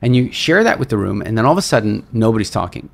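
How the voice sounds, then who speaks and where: A man who is a speaker and seminar leader, telling stories as a podcast guest and acting out quotes with lively energy. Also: on the low side, fast talker, gravelly. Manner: animated storyteller, acts out quotes, repeats words. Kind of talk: storytelling in a podcast interview.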